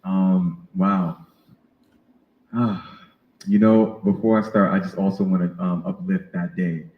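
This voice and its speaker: A man's voice: deep voice, level tone, slow, roomy sound, phone-quality sound. A man who works as a sound healer, talking in an earnest, reflective way as a podcast guest. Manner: earnest, reflective, many fillers. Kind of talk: casual interview conversation.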